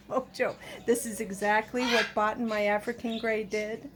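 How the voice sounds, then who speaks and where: A woman's voice: a little high, flat delivery, moderate pace, few pauses, slight background noise. A woman pet vlogger at home, talking to her pets in a sing-song baby-talk voice, often laughing. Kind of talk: cooing pet talk to camera. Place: home, indoors.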